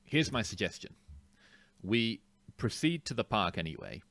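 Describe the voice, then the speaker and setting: A very low-voiced man role-playing a tabletop character. He talks in a formal, halting way and often breaks into laughter. The sound is dry and close. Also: big pitch swings, gravelly, fairly bright tone, dry recording. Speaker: tabletop player.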